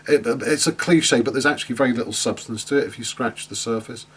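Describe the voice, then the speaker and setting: Husky man teaching a class. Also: medium pitch, fairly quick, fairly bright tone. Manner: chatty, many fillers and restarts, asks students questions. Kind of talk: online lecture.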